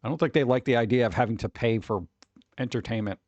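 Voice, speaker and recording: Tired guy rambling on stream, dry close sound, sarcastic, middling pitch. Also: fast, a little mellow, no room sound, dull audio. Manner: rambling, sarcastic, reads chat aloud. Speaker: streamer reading chat. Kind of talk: casual livestream chat.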